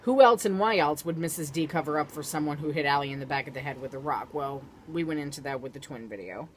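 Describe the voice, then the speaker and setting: A woman's voice: sits low, quick pace, slight background noise. A young woman co-hosting a vlog in casual chat, blunt and sarcastic. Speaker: vlog co-host.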